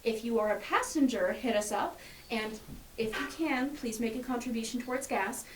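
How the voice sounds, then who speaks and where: A chatty, excitable woman with a slightly high voice, talking in a casual radio chat. She sounds a little distant from the mic, her voice bouncing around an echoey room over a faint hiss. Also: moderate pace. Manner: eager and chatty, with bursts of enthusiasm. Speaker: guest from a pagan association.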